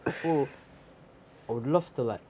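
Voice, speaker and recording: A man's voice: mid-range voice, normal speed, mellow, a little hiss or hum. A man with a London accent co-hosting a podcast, chatting in playful, slangy banter. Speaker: podcast co-host. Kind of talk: casual chat.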